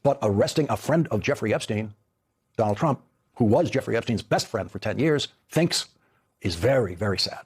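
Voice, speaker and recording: A man's voice: on the low side, lively intonation, brisk, a little mellow, husky. A man hosting a television news program, delivering an emphatic, pointed monologue. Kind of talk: broadcast monologue.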